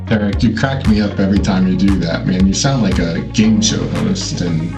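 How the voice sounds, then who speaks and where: A man's voice: sits low, normal speed, gravelly, over music. A man hosting a market update show in a friendly, easygoing, chatty way. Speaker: host. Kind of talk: casual chat.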